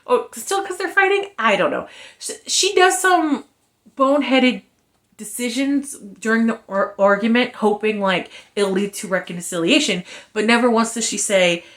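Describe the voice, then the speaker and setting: A woman chatting casually through a book review, animated, slangy and frank, acting out the characters' lines as she retells the plot. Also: fairly high pitch, normal speed.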